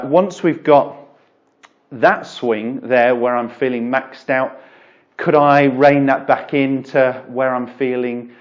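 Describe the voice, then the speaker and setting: A man who is a golf coach, explaining and demonstrating a drill in a relaxed, chatty way with frequent fillers, in an indoor golf studio. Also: medium pitch. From England. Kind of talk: instructional video lesson.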